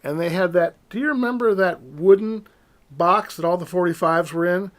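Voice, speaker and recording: A man in his fifties telling stories in a casual chat, animated, acting out the voices of people in his stories. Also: high-pitched, moderate pace. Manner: storytelling, animated, mimics voices in quotes. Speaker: podcast guest.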